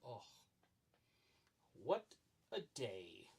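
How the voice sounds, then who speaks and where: A man's voice: medium pitch, wildly swooping pitch, drawn-out words, dark tone, breathy edge. A man co-hosts a live watch-along stream, tossing in short laid-back remarks. He sounds distant, picked up from away from the mic. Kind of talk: casual live-stream chat.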